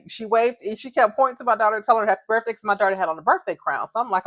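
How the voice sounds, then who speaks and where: A woman's voice: mid-range voice, very animated, fast talker, few pauses, fairly bright tone, dry recording. A middle-aged woman, a mother, casually telling a story with laughter, acting out quoted voices.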